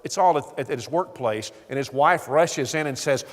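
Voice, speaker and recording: A man's voice: mid-range voice, normal speed. A man leading a marriage seminar for men, telling folksy stories and acting out the voices in them. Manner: folksy storytelling, acts out quoted voices. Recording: hall reverb.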